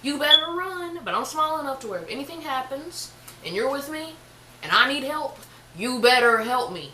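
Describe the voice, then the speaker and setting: A young woman telling a casual storytime on her vlog, chatty and animated, full of slang. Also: fairly high pitch, roomy sound, heavy background noise. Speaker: vlogger.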